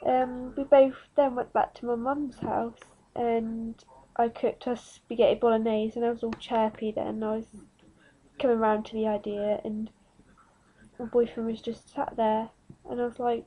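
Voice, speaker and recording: A woman's voice: on the high side, level tone, breathy edge, lo-fi sound. A nineteen-year-old woman telling her own story frankly to camera in a vlog. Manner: frank, plain-spoken, slow and unhurried. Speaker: vlogger. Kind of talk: candid personal story to camera.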